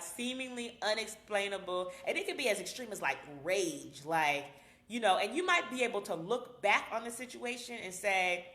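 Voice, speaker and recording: A woman's voice: mid-range voice, sharp tone, echoey room. A woman psychologist hosting a live stream, talking candidly and casually to viewers with slang and frequent laughs. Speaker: psychologist host.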